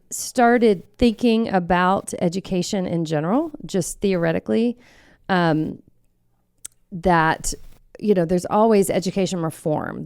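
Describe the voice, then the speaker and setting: A woman's voice: fairly low pitch, vocal fry, darkish tone, clean tone, no echo, clean studio sound. A woman from Kentucky who leads an advocacy group, answering interview questions in a thoughtful, explanatory way. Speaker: executive director of an advocacy group.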